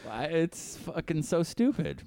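A man's voice: a little high, sing-song, a little slow, mellow, a little hiss or hum. A man co-hosting a comedy podcast, riffing on bits and laughing often in casual banter. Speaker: podcast co-host.

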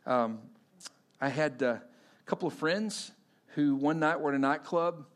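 Man, middle-aged pastor, high voice, animated sermon story. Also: measured pace. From Texas. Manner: animated, conversational storytelling with fillers.

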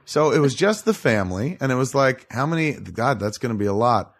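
A man's voice: medium pitch, big pitch swings, a little fast. A man in casual chat, telling a rambling story and swearing freely.

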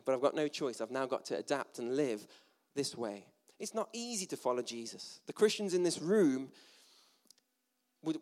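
A British man giving a sermon in a church hall, chatty and self-deprecating, with jokey asides. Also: a little high. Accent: British English. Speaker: preacher. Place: church hall with a gathered audience.

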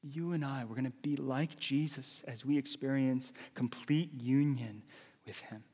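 Husky-voiced man preaching in a hall. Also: medium pitch, a little slow. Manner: dramatic, swings from loud calls to hushed whispers. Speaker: pastor. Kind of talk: sermon. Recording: long reverb of a large hall.

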